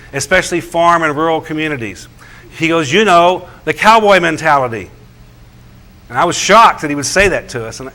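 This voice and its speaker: A middle-aged man, a pastor, recounting a meeting in animated, incredulous storytelling talk. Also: sits high. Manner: animated, incredulous, quotes others in their voices.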